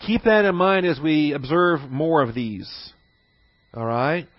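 A man's voice: fairly high pitch, animated, takes it slowly, no room sound, highs cut off. A man teaching through a Bible passage, repeating key phrases and posing rhetorical questions to his listeners.

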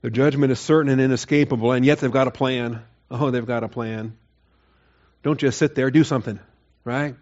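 A man's voice: medium pitch, steady tone, a little fast, darkish tone, muffled recording. A man preaching a Bible sermon in a conversational way, rising to emphatic, mocking quotes of the people. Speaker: pastor. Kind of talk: expository sermon.

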